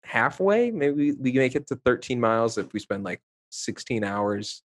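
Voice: mid-range voice, very animated, normal speed. A player in an online tabletop game, chatting in character and laughing often, with hesitant restarts. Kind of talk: casual tabletop game chat.

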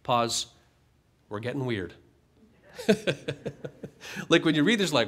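A man's voice: medium pitch, sing-song, moderate pace, pauses often, fairly bright tone. A middle-aged man preaching a sermon as a pastor, reading scripture aloud and then explaining it conversationally with light humor.

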